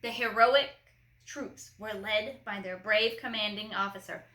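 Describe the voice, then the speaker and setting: A woman reading a children's picture book aloud, lively with playful asides. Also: mid-range voice, unhurried. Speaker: storyteller. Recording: echoey room.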